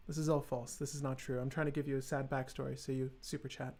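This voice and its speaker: A man's voice: mid-range voice, little pitch movement, fast talker, a little mellow. A man hosting a live stream, building a card game deck and joking sarcastically with his chat.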